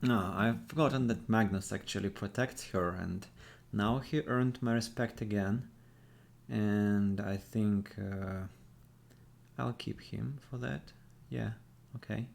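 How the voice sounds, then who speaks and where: A man's voice: fairly low pitch, steady tone, slow pace, creaky. A man streaming a game, reading text aloud and ranting with frequent restarts. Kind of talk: live-stream gameplay commentary.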